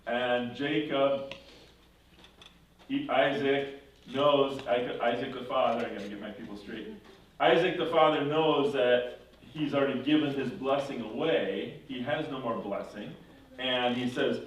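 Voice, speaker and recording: A man's voice: mid-range voice, unhurried. A man teaches a confirmation class, retelling a story with animation and breaking into character voices. He is recorded from a distance in a strongly reverberant room. A faint hiss sits underneath. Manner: animated retelling, acting out characters, self-correcting. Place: church classroom. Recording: echoey room from far off with faint noise.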